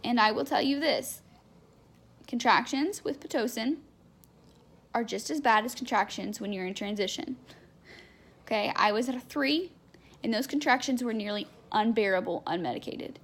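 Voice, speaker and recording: A woman's voice: on the high side, normal speed, long pauses, fairly bright tone. A young adult woman telling a candid personal story in a chatty, unfiltered way, full of fillers. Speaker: vlogger.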